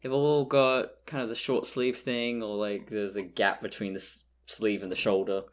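A man's voice: fairly low pitch, level tone, normal speed. A man co-hosting a podcast, chatting casually with short, dry remarks. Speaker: podcast co-host. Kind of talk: casual chat.

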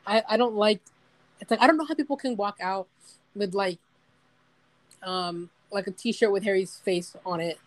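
A woman's voice: medium pitch, moderate pace, long pauses, no echo. A young woman co-hosting a casual chat podcast, rambling with lots of "like" and giggling. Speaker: podcast co-host.

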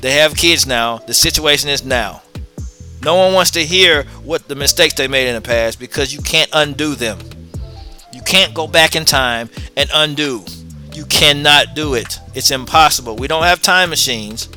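A man's voice: on the high side, moderate pace, pushed and bright, soft background music. A man hosting his own show, giving a blunt, casual opinion monologue to his viewers and hammering his points home with repetition. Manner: casual and blunt, drops in slang.

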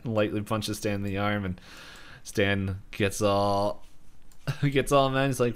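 A man with a somewhat low voice recaps a cartoon episode on a casual podcast. He rambles, laughs easily and keeps slipping into quick voices for the lines he quotes. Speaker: podcast co-host.

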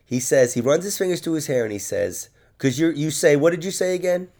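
A podcast host trades crude, teasing banter, swearing freely and laughing as he goes. His voice is gravelly with a rough edge to it. His pitch leaps up and down as he talks. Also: lively intonation, fairly quick, a little mellow.

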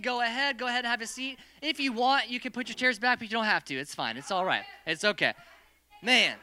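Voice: mid-range voice, lively intonation, brisk, pushed and bright, a little hiss or hum. A youth group leader running a hands-on lesson in a meeting room, playfully giving stage directions to volunteers and the group.

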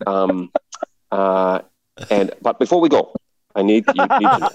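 A man's voice: on the low side, very animated, unhurried, no room sound, low-quality recording. A man voicing a dive boat crewman giving a safety briefing in an Indian accent, with sing-song, dramatic warnings.

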